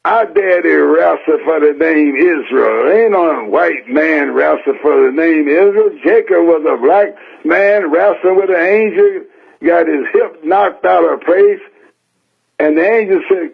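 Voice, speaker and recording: A man's voice: on the high side, a little slow, gravelly, slightly rough. An older man from San Francisco preaching a sermon in a folksy, emphatic way, repeating his points plainly. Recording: tinny phone-like radio broadcast.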